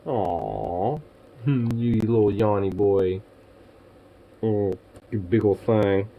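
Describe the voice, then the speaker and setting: A young man chatting affectionately with his dog in teasing baby talk, often yelping up high and laughing. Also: lively intonation, extremely slow, muffled recording, a little hiss or hum. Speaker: vlogger. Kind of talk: casual talk to a pet dog.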